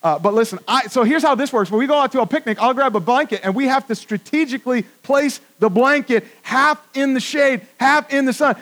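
A man with a high voice preaches a sermon in a church, talking in a casual, conversational way. He drops to a hush for reflective points and rises to loud emphasis when he drives a point home. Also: expressive, brisk, hardly any pauses, low-quality recording. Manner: conversational, swings from hushed to emphatic. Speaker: pastor. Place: church with congregation.

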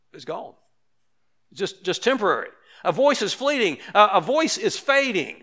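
A man's voice: high-pitched, pushed and bright. A man preaching a sermon in a conversational way, with frequent restarts and asides. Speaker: pastor.

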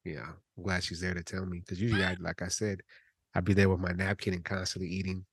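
A man recalling childhood stories in a relaxed, profane podcast chat. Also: low-pitched, quick pace, husky, dry recording, clean studio sound. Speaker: podcast co-host. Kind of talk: casual chat.

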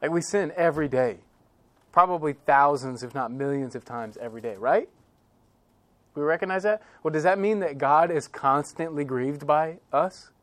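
A man with a voice on the high side preaches at a moderate pace, keeping the sermon conversational. As a pastor he regularly checks in with his hearers, his delivery going from quiet and heavy to loud and emphatic.

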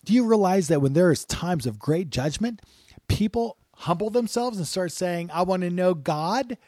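A man's voice: high-pitched, expressive, normal speed, mellow, no echo, studio quality. A man hosting a Christian radio talk show, telling stories and urging listeners not to fear. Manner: earnest and encouraging, rising to exhortation.

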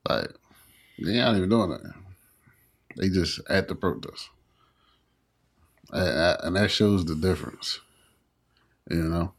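Deep, gravelly man chatting. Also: sing-song. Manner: laid-back, agreeable, quick to laugh and affirm. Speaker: podcast co-host. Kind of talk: casual chat.

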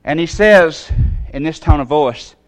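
Man, fairly high voice, folksy animated storytelling, sermon. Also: unhurried. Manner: folksy, animated storytelling with big pitch jumps.

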